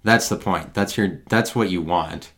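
A man from the American Midwest giving a rambling, digressive solo monologue into a handheld recorder, halting and sardonic by turns. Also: deep voice, vocal fry, a bit bright.

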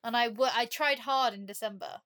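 A woman's voice: on the high side, fairly quick, a bit bright. A woman chatting as a podcast guest, telling rambling stories and laughing often. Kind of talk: casual chat.

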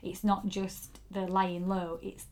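A chatty woman co-hosting a podcast, telling a story in a relaxed, conversational way. She breaks into giggles and side comments as she goes, with a voice of ordinary pitch. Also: slow pace. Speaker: podcast co-host. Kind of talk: casual podcast chat.

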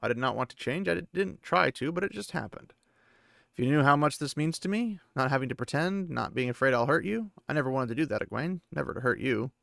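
Young man, relieved and rambling, slightly gravelly, read by a male narrator. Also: medium pitch, animated, fast, fairly bright tone, no room sound, clean studio sound. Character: young man putting on a brave face.

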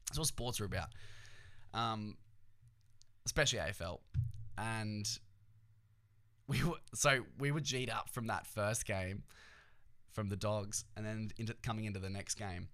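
An Australian man with a lowish voice, talking casually on his own podcast. He rambles and swears a lot, and he keeps throwing jokey asides at the listener. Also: steady tone, unhurried, pauses often, a bit bright. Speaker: podcast host. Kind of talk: casual solo podcast chat.

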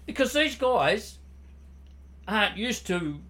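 A man's voice: high-pitched, very animated, slow, sharp tone. An older man telling army stories in casual podcast chat, swearing freely and laughing through his punchlines.

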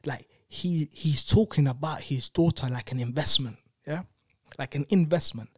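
A man's voice: on the high side, normal speed, no echo, clean studio sound. A young man, animatedly telling a personal story in casual chat, full of tag questions. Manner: animated, peppered with "innit" and "you know what I'm saying". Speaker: storyteller guest.

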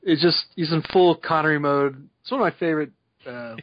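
A man's voice: on the high side, brisk. A man co-hosting a podcast in casual chat, rambling with lots of "like" and laughing as he talks. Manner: rambling, laughing, many likes. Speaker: podcast co-host. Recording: slightly dull dry recording.

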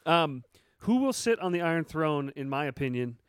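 A man's voice: a little high, sing-song, moderate pace, smooth, no echo. Joking male podcast host, dry studio sound. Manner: joking, reads listener questions aloud. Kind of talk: casual podcast chat.

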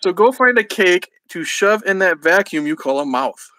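A man's voice: sits high, animated, moderate pace, pushed and bright, exaggerated voice. A man doing a blunt, mocking young guy.

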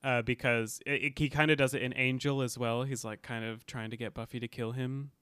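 A man co-hosting a casual podcast with a bright, crisp voice and a close, dry sound. He chats loosely through an episode recap, full of fillers and quick to laugh. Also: mid-range voice, steady tone, dry recording. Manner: laughs often, loose and chatty with many fillers. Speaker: podcast co-host.

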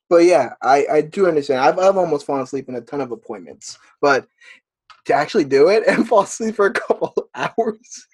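A man hosting a casual podcast chat, speaking in a relaxed way with sighs and frequent restarts. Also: on the high side, normal speed, breathy edge, dry recording. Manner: relaxed, lots of sighs and repeated words.

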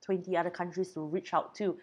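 A young woman from Brunei in casual chat, telling a story with lively acted-out quotes. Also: fairly low pitch, brisk, husky, muffled recording. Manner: animated storyteller who acts out quotes.

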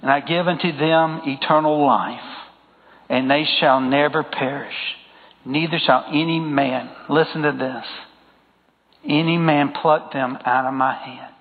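Male preacher, slightly high gravelly voice, sermon to a congregation, thin phone-like sound in a reverberant church. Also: fairly even intonation, measured pace. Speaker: pastor. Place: church sanctuary. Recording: tinny phone-like sound with long hall reverb.

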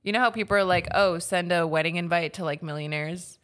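A woman's voice: on the low side, brisk, fairly bright tone. A young woman co-hosting a casual podcast, chatty and easygoing, speaking into a podcast mic at home. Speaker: podcast co-host.

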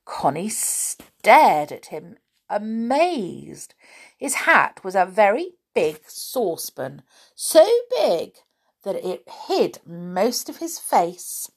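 A woman reading a children's story aloud at a slow, unhurried pace, her voice lively and full of swoops. She paints each scene with expressive, animated reading. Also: mid-range voice, gravelly, husky.

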